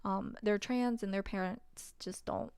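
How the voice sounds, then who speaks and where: A woman's voice: mid-range voice, steady tone, a little slow, darkish tone, clean tone, no room sound. A woman telling a personal story in a casual, wry way, full of fillers. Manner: chatty, wry, many fillers and laughs.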